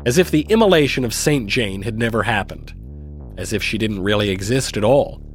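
A man giving scripted first-person dramatic narration in a measured, sardonic and self-mocking way. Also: fairly low pitch, lively intonation, faint music behind. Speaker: narrator and reader.

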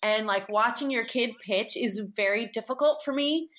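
A woman's voice: fairly high pitch, moderate pace, fairly bright tone. A woman in her forties from San Francisco, telling a personal parenting story as a podcast guest, rambling with lots of fillers and restarts. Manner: rambling with many fillers and restarts, emotional, tearful at times. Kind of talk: candid conversational storytelling.

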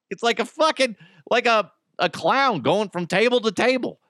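A man's voice: high voice, normal speed, no echo, studio quality. A man hosting a podcast, riffing on odd news stories in a profane, joking, ranting way. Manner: profane, joking, animated rants. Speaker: podcast host. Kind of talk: casual comedic news commentary.

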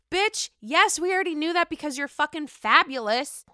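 A woman's voice: high voice, expressive, moderate pace, few pauses, pushed and bright, dry recording, studio quality. A young woman hosting casual reality TV gossip commentary, sassy and profane.

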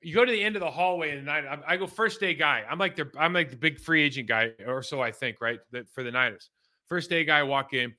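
A man's voice: fairly high pitch, quick pace, sharp tone. A man in his forties from California, a former pro football player, talking loosely through game film with plenty of football slang. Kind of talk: casual game-film breakdown commentary.

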